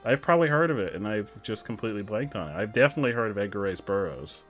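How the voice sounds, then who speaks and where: A man streaming a game, chatting casually with viewers, excitable and quick with asides. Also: on the low side, soft background music. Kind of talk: casual gameplay chat with viewers.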